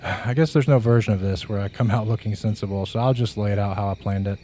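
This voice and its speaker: Low, dark-voiced male horror narrator. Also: faint music behind. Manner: slow, measured, hushed storytelling. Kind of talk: scripted first-person horror narration.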